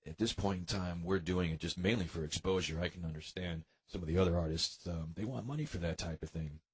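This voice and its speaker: An American man from New York, a guest musician chatting casually in an interview, relaxed with plenty of fillers and sighs. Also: low-pitched, fairly quick, breathy edge. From New York, United States.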